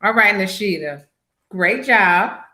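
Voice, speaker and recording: An upbeat woman hosts an online contest over a video call. Her bright voice moves a lot in pitch, and she repeats her praise eagerly. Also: expressive, takes it slowly. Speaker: host.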